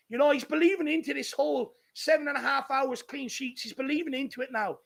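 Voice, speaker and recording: A man's voice: very high voice, quick pace, creaky, few pauses, a bit bright. An Irish man hosting a live football watchalong, ranting furiously and swearing at his team's defending. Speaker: fan channel host. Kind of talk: live match watchalong commentary.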